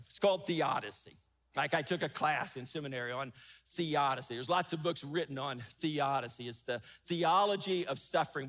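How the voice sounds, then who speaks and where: A man's voice: fairly high pitch, lively intonation, moderate pace, fairly bright tone. A man preaching a sermon as pastor, emphatic, rising and falling, repeating key phrases.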